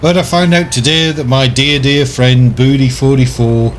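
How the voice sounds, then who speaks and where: A man's voice: mid-range voice, steady tone, normal speed, a little hiss or hum. A man giving casual, ranting commentary over his gameplay, chatty and often laughing. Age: older. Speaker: gaming YouTuber.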